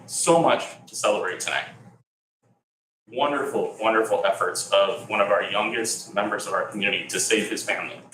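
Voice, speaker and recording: A man's voice: fairly low pitch, pushed and bright. A man speaking with emotion at a council public comment, scolding the council. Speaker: resident giving public comment. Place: council chamber. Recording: echoey chamber, faint hum.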